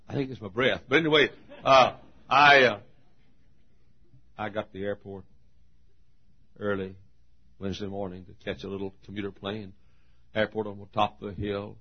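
A gravelly, husky older man preaches a sermon. He swings between quiet, hushed storytelling and sudden shouted peaks. The recording is dull and lo-fi. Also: on the low side. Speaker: pastor.

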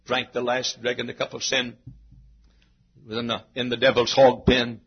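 A man preaching a sermon to his church, repeating phrases and rising into shouted climaxes. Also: mid-range voice, completely flat delivery, moderate pace, husky. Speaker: pastor. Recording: dull lo-fi sermon recording.

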